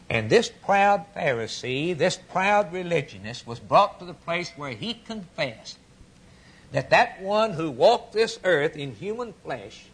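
A man delivers an emphatic sermon in a slightly raised, husky voice. He retells scripture dramatically and drives his points home through repetition. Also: on the high side, very animated, slow pace, a bit bright. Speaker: preacher.

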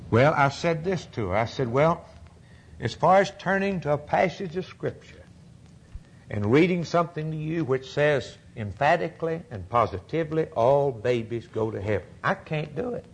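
A man preaching a fervent sermon, emphatic and repetitive, with a husky voice. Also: fairly high pitch, animated, normal speed.

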